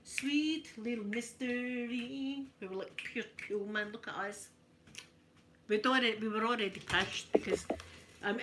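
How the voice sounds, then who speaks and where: A Glaswegian woman in her fifties, chatting softly in an ASMR video while ironing, telling lively stories and answering viewers in broad Scots. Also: on the high side, background noise. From Scotland. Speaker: ASMR creator. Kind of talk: soft-spoken ASMR chat while ironing.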